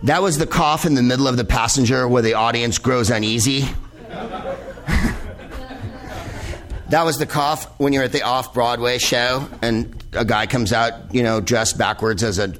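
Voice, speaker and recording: A man's voice: mid-range voice, moderate pace, fairly bright tone. Comedian guy rambling on stage, swears a lot, wanders off topic, medium voice. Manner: rambling, profane, digressive. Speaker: comedian host. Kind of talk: live comedic monologue. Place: live venue in Los Angeles with audience.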